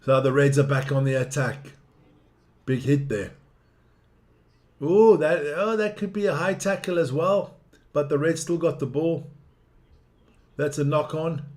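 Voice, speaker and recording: Excitable man commentating rugby live. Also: fairly high pitch, unhurried, pauses often. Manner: excitable, blunt, swears at the referees. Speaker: watch-along rugby commentator. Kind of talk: casual live match commentary.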